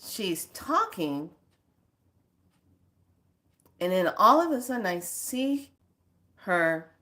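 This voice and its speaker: A woman who teaches spirituality, telling a story casually in a drawn-out way, full of filler phrases. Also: medium pitch, very animated, sharp tone.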